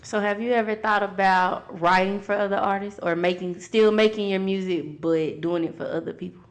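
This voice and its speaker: A woman's voice: medium pitch, steady tone, normal speed. A woman co-hosting an interview, asking direct, conversational questions. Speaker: radio show co-host.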